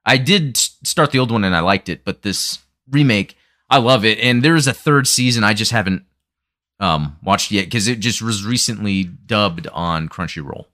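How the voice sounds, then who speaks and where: A man hosting a live chat show, talking fast and rambling with lots of fillers and restarts. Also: fairly low pitch, lively intonation, sharp tone, no echo, studio quality. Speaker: podcast host. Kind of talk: casual chat.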